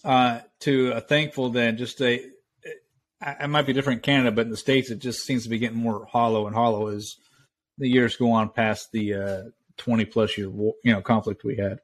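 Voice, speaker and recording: A man's voice: medium pitch, level tone, brisk. A man with a mid-range voice, a US army veteran, talks things over in a casual chat. He stammers and restarts as he thinks aloud.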